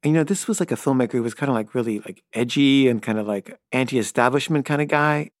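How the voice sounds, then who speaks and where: A middle-aged filmmaker telling a personal anecdote in a loose, rambling way, full of fillers and stammered repeats. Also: male voice, mid-range voice, fast, no echo, clean studio sound. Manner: stammers and repeats himself when flustered. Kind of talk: casual spoken anecdote.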